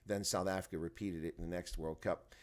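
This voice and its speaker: A man's voice: sits low, steady tone, a little fast, a little mellow. A man hosting an early-morning rugby live stream from home, rambling to his chat viewers and sounding tired and groggy at his desk microphone. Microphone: desk microphone, volume turned up.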